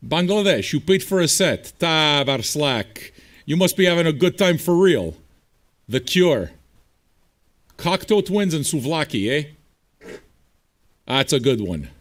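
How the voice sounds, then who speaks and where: A man hosting a live music stream, chatting straight at his viewers. His voice sits a bit high and swings widely in pitch. He talks bluntly, with plenty of swearing and combative teasing. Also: sing-song, a little slow, pauses often. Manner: blunt, profane, combative banter. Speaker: streaming radio DJ host. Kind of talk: casual livestream chat answering viewers.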